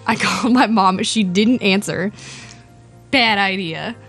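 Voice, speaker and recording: Woman co-host, mid-pitch, lively storyteller who voices the people in her story. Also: measured pace, husky, soft background music. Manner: animated, acts out dialogue. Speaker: podcast co-host. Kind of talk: casual storytelling chat.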